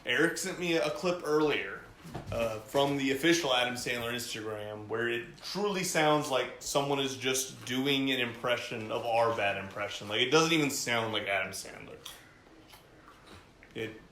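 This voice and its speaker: A man's voice: mid-range voice, normal speed, a bit bright, reverberant, slight background noise. A man co-hosting a casual podcast aftershow, talking in easygoing, laid-back banter. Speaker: podcast co-host. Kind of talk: casual chat.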